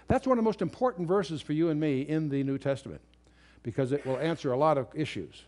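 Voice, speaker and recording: A man with a fairly high speaking voice delivers a verse-by-verse Bible lecture. He reads King James scripture aloud and explains it emphatically. His delivery is unscripted, with restarts and fillers. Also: brisk. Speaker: Bible teacher. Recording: remastered lecture recording.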